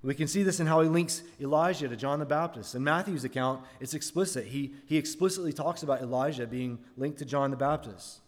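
Pastor, male, fairly high voice, earnest sermon delivery with rhetorical questions, hall reverb. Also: fairly quick, hardly any pauses.

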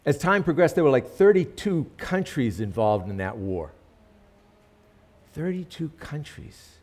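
A man's voice: a little high, animated, unhurried, darkish tone. A male pastor praying earnestly and then telling a story in a sermon, with emphatic rises in his delivery.

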